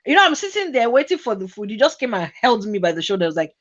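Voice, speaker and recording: A woman's voice: fairly high pitch, racing, few pauses. A woman, hosting a casual chat and telling a personal story with lots of laughter and acted-out voices. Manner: animated, laughs often, acts out voices in her story. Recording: dull lo-fi recording.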